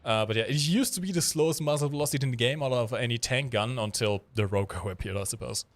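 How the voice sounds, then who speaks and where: A man's voice: mid-range voice, fast talker. A man casually co-hosting a game stream, explaining mechanics while he plays and cracking dry jokes. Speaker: stream co-host playing the game. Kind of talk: casual gameplay commentary.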